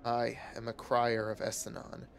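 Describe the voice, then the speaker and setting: A man voicing a hoarse, grieving male holy crier who speaks in a slow, solemn way. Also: medium pitch, monotone, slight background noise, close to an everyday voice. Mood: mournful.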